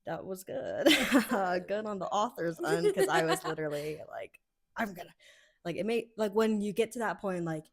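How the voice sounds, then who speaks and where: A young adult woman co-hosting a podcast in casual chat, excitable and gushing. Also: medium pitch, moderate pace, dry recording, clean studio sound. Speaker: podcast co-host.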